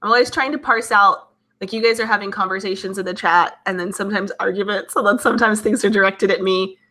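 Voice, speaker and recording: Bright-voiced giggly woman chatting live. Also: mid-range voice, fairly even intonation, fast talker. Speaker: livestream host reading chat. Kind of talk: casual live chat.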